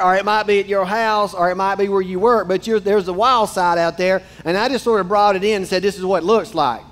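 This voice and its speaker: A man, preaching a casual, joking sermon straight to his congregation in a church. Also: sits high. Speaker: pastor. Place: church sanctuary.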